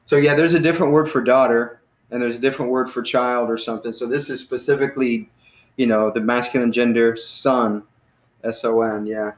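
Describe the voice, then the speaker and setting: A man teaching a casual online beginner class, relaxed and friendly, often saying "man" and "you know.". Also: mid-range voice, fairly quick, echoey room, low-quality recording.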